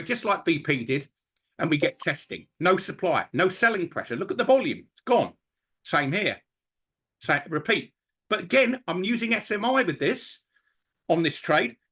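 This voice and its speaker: A man's voice: high-pitched, slightly rough. A middle-aged man hosting a live trading webinar, talking through charts with storytelling asides. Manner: animated, talks through charts while switching screens, with storytelling asides.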